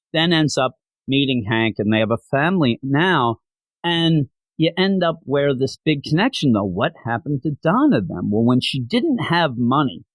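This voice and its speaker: A man hosts a comic book podcast, retelling a story in an easygoing, heartfelt way. His voice swings up and down with lively inflection. The sound is dry and close, with no room echo. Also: medium pitch. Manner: animated, openly sentimental storytelling. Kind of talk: casual comic recap.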